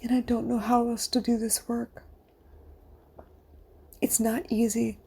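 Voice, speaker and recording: Middle-aged woman coach talking to the mic, husky mellow voice, earnest and confessional, slips into whispers. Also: fairly high pitch, little pitch movement, unhurried. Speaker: life coach and podcast host. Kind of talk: personal monologue podcast.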